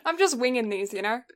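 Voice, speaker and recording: A woman co-hosting a podcast, recapping an anime in a casual, rambling way, with frequent laughs and puns. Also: on the high side. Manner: giggly, punning, rambling. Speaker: podcast co-host.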